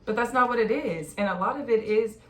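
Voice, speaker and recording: A woman's voice: a little high, fairly quick, fairly bright tone. Chatty woman host in an echoey room. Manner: chatty, laughing, acts out quotes. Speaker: podcast host. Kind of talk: casual chat. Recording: echoey room, distant mic, faint noise.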